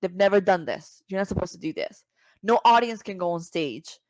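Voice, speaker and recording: Animated woman telling a story, dry sound. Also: brisk, no echo. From Cuba. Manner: animated, acts out quoted voices with big pitch jumps. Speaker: podcast guest, singer. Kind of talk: casual storytelling.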